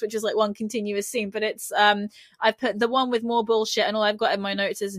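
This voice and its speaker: A woman in casual podcast chat, her voice a touch high and recorded close and dry. She giggles a lot and bursts into acted-out quotes as she recaps scenes. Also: no echo. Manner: giggly, animated, acts out quoted lines. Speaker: podcast co-host. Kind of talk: casual chat about a TV episode.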